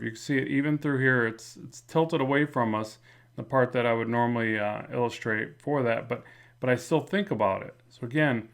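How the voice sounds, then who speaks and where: A man with a slight lisp, talking through a drawing in a relaxed, rambling way as a comic art instructor. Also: mid-range voice, vocal fry. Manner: relaxed, rambling, many fillers and restarts. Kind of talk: casual drawing tutorial narration.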